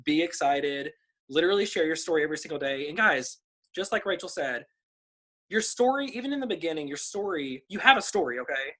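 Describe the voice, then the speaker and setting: Bubbly young woman, husky voice. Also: sits low, expressive, fairly quick, fairly bright tone, low-quality recording. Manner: bubbly, chatty, full of fillers. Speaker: team member sharing tips. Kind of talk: casual group video call. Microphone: video call.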